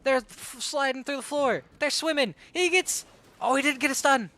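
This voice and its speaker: Hyped-up high-voiced male caster. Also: moderate pace. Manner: hyper, excitable play-by-play with bursts of shouting. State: out of breath. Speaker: tournament caster and streamer. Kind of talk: live esports commentary.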